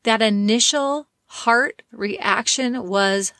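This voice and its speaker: A woman's voice: mid-range voice, measured pace, fairly bright tone, no room sound, clean studio sound. A woman hosting a podcast, giving a candid teaching monologue with self-mocking asides. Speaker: podcast host.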